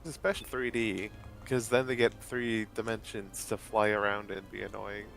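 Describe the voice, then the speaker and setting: Gravelly man chatting over gameplay. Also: on the low side, level tone, normal speed, fairly bright tone, soft background music. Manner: rambling, many fillers and restarts, laughs often. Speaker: let's play co-host. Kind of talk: casual gameplay chat.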